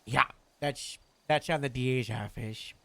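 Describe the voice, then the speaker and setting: A man playing a police captain in casual role-play chat, halting and full of fillers and restarts. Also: medium pitch.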